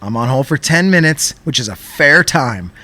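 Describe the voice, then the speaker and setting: A young man co-hosting a podcast, telling an animated story in casual chat and swearing often. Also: mid-range voice, moderate pace. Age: young adult. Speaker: podcast co-host.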